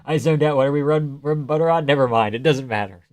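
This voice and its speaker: Chatting casually on his live stream, a man reads viewer messages aloud and answers with loose jokes, at times almost whispering. His voice is mid-range and his pace is quick.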